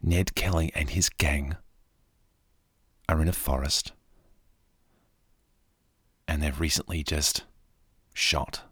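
An Australian man narrating a story in a calm, soft-spoken way for a podcast, with casual asides. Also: a bass voice, breathy edge, no room sound, clean studio sound.

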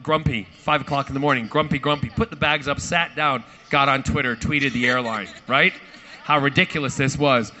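Animated storytelling man. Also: medium pitch. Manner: lively, theatrical, acts out quoted voices. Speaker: actor at a fan panel. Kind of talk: animated anecdote to a live audience.

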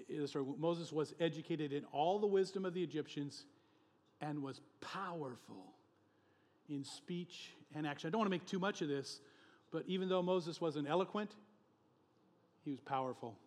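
A male pastor preaching a sermon with emphatic, animated delivery, often chuckling between points. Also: on the high side, big-room sound.

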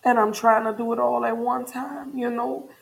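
A woman with a slightly higher voice speaks to her viewers in a raw, earnest personal check-in. She is grieving and emotionally open, and she circles back to the same phrases for emphasis. The talk sounds like unscripted personal confession. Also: steady tone, moderate pace, vocal fry. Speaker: vlogger.

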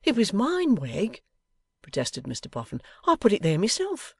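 A man voicing a naive, distraught old gentleman who wails and pleads in a high voice. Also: wildly swooping pitch, moderate pace, vocal fry, breathy edge, no echo, clean studio sound, exaggerated voice. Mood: pleading.

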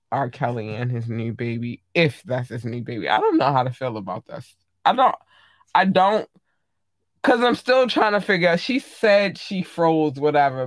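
A woman hosting her own podcast in casual solo chat, animated and squealing high when she greets listeners. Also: dry recording, clean studio sound. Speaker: podcast host.

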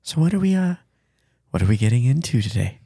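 Co-host: gravelly man in whispered role-play. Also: medium pitch, sing-song, fast, no room sound, clean studio sound. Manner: soft, teasing, put-on relaxing voice. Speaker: podcast co-host.

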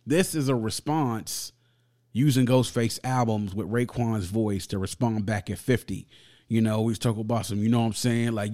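A man's voice: on the low side, normal speed, mellow. A man reviewing a record on a podcast in a casual, enthusiastic way, with slang and frequent laughter. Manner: enthusiastic, slangy, laughs often, reads lyrics aloud.

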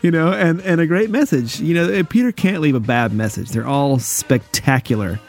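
A man co-hosting a podcast, warm-hearted and quick to laugh as he chats. His voice sits a little high, and faint music plays underneath. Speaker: podcast co-host. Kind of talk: casual chat.

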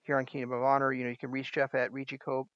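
A man's voice: medium pitch, completely flat delivery, rapid-fire, background noise. A man hosting a casual radio show, talking in a rambling way with frequent restarts. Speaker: host. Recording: dry, slightly dull lo-fi sound.

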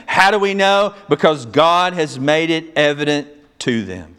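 A man's voice: a little high, normal speed, hardly any pauses, a bit bright, clear, resonant tone. A male pastor preaching a sermon, telling stories with emphatic delivery and acting out dialogue.

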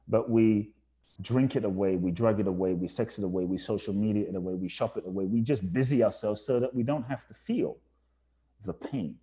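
A man's voice: medium pitch, mellow. A man guesting on a podcast, telling his life story earnestly and emphatically, often repeating phrases for effect. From England. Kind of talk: reflective storytelling interview.

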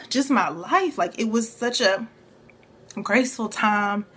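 Young woman, earnest vlog testimony, lowish voice, faint room hiss. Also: fairly bright tone. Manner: earnest, reflective, filler-heavy. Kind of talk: personal testimony.

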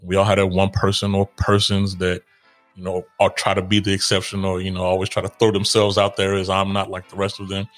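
A man's voice: sits low, completely flat delivery, a little fast, faint music behind. A man hosting an interview who asks long, rambling questions, repeating himself and using many fillers. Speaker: host.

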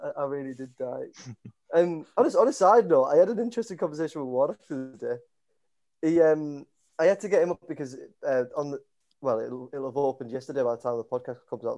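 A man's voice: medium pitch, fast talker. A man with a Yorkshire accent co-hosting a podcast, telling a funny story from work and acting out the lines of the people in it. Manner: lively anecdote-telling, acting out quotes. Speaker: podcast co-host. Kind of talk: casual storytelling chat.

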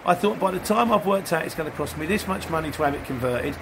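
A man's voice: on the high side, lively intonation, fast talker, background noise. A man, a van delivery driver, chatting casually to viewers in a rambling way and acting out exchanges with customers. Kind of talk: casual vlog answering viewers.

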